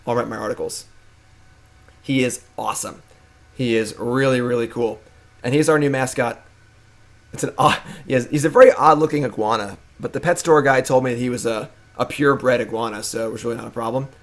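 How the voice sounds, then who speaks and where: A young man chatting on his live stream in a relaxed, playful way. His pitch sits right in the middle for a man. He talks to his pet and the viewers at an easy, unscripted pace. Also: brisk. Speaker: streamer and host. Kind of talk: casual live-stream chat.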